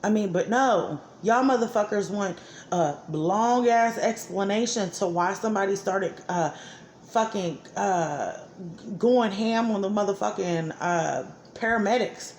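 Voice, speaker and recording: Her voice is darkish and medium in pitch, her pace measured. In this furious personal rant she curses about her life and her kids' father, recorded in a reverberant room with a little background noise.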